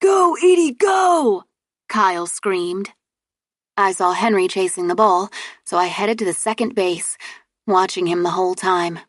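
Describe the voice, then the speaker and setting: A woman narrating a first-person audiobook in a lively, youthful manner. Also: on the low side, moderate pace, dry recording, clean studio sound.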